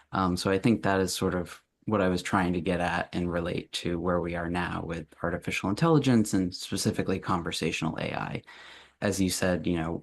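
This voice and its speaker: A man speaking as a guest on a panel discussion, thoughtful, with many hesitant fillers. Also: deep voice.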